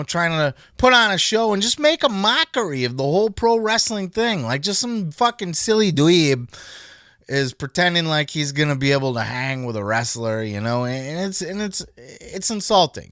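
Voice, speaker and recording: Bright-voiced profane podcast host man. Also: fairly high pitch, moderate pace, no room sound, clean studio sound. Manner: blunt, animated, swears a lot. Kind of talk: casual profane commentary.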